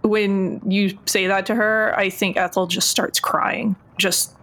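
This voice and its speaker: A woman's voice: mid-range voice, little pitch movement, takes it slowly, fairly bright tone. A woman playing a tabletop game, describing her character hesitantly and thoughtfully. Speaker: player. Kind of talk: casual tabletop narration.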